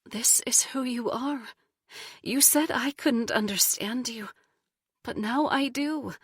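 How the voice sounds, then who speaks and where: A tender, soothing woman murmuring comfort to her husband, as the narrator voices her. Her voice is soft, slow and breathy, recorded close and dry. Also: a little high, no room sound, voice pushed up. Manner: gentle, soothing.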